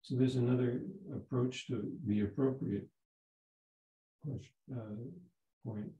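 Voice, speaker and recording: A man in his seventies, a Zen teacher giving a dharma talk, telling a story in a halting way with many restarts. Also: mid-range voice, fairly even intonation, mellow, highs cut off. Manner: halting, repeats words and restarts. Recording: roomy echo.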